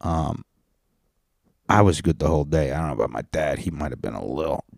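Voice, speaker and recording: A man's voice: a bass voice, a little fast, vocal fry, darkish tone, dry recording, studio quality. A man hosting a podcast, rambling profanely through a comedic rant and slipping into joke accents. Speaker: podcast host.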